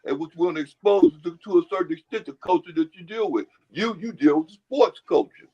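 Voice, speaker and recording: A man with a fairly high, warm voice and a breathy edge rambles through a casual chat at a fairly quick pace, circling back on his own words and handing out folksy advice. The audio is muffled and lo-fi.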